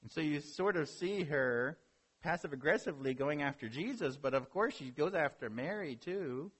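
A man's voice: a little high, expressive, normal speed, fairly bright tone, slightly rough. A man preaching a sermon as a pastor, earnest, with rhetorical questions and building emphasis.

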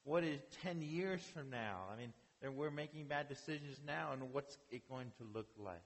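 A man's voice: mid-range voice, moderate pace, big-room sound, low-quality recording. A man preaching a sermon as the church's pastor, often repeating words and checking in with "right?".

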